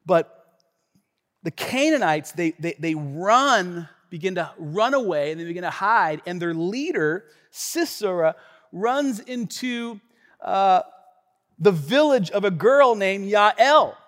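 A man preaching a sermon, telling a story in an animated, conversational way with frequent asides to the listeners. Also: sits high, slow. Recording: long reverb of a large hall.

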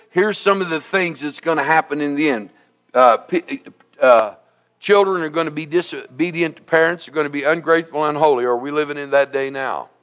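A man's voice: fairly high pitch, a bit bright, reverberant. A male pastor preaching a sermon in a call-and-response style, asking the congregation for amens and repeating his key lines for emphasis.

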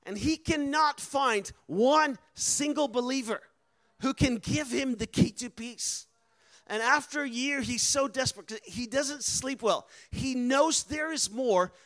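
In a storytelling sermon, a man with a high, light voice recounts a mission-field story in a lively style. His energy is animated, and he builds to loud, emphatic moments.

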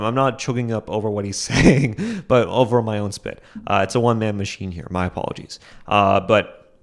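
A young man talks through his solo podcast in a loose, rambling way, with lots of fillers and side remarks. His voice sits fairly low. He often pokes fun at himself and breaks into small chuckles. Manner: rambling, full of fillers and asides; self-deprecating, chuckles often. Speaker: podcast host.

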